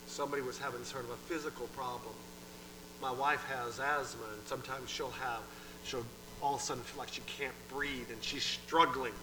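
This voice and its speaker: A man preaching a sermon in a conversational style, moving between hushed and emphatic delivery and often repeating himself. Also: mid-range voice, steady tone, normal speed, noisy background. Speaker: pastor.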